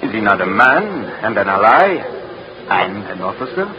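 An actor playing a courteous, formal French artillery captain with a French accent in an old radio drama, speaking with gracious, philosophical calm. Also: male voice, on the low side, moderate pace. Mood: courtly. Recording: dull old radio recording with faint hiss.

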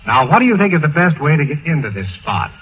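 A man's voice: fairly high pitch, very animated, quick pace, husky. A man hosting an old radio panel show, genially calling on each writer by name. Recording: phone-like old radio broadcast, faint hiss.

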